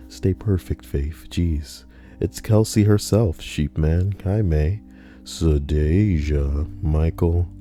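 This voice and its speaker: Deep-voiced joking male streamer. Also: dark tone. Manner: jokey, breaks into squeaky silly voices. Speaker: streamer reading stories aloud. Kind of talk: live-stream reading with chat.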